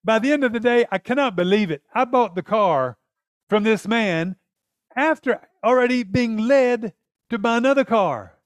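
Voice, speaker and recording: A man's voice: high-pitched, moderate pace, no room sound. A man in his fifties preaching a sermon, telling personal stories with acted-out quotes. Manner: storytelling, animated with acted-out quotes. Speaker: pastor.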